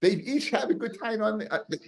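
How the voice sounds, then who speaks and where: A man teaching a casual Talmud class, animated and often repeating words as he explains. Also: high voice, fast talker.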